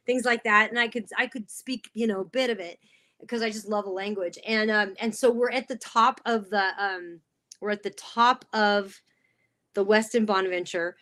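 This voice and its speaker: A middle-aged woman telling an animated, laughing story in a casual chat as a podcast guest. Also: fairly high pitch.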